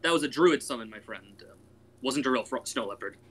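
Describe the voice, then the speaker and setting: A man's voice: mid-range voice, expressive, brisk, a bit bright, breathy edge. A man playing in a tabletop game who jokes in a dry way. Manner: dry, jokey. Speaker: player. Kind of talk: casual tabletop game play.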